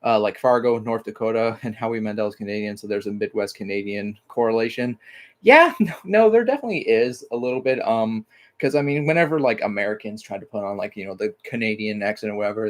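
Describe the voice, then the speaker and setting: A man's voice: on the low side, animated, fast. Rambling man chatting on a livestream. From Mississippi, US. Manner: rambling, heavy use of "like" fillers, casual swearing. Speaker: livestream host. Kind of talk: casual livestream chat.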